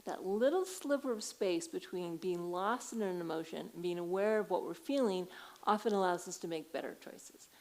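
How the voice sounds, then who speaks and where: A woman's voice: on the low side, normal speed, poor audio. A middle-aged woman speaking at a conference, teaching a mindfulness practice in a conversational way and laughing now and then as she tells stories. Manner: warm, conversational, laughs while telling stories. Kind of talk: conference talk with personal story. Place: conference hall.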